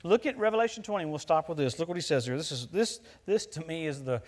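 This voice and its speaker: A middle-aged American man preaching to a congregation. His voice sits a bit high for a man, and he tells his stories in an animated way, growing loud when he reaches the punchlines. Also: fast talker. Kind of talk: sermon with personal story.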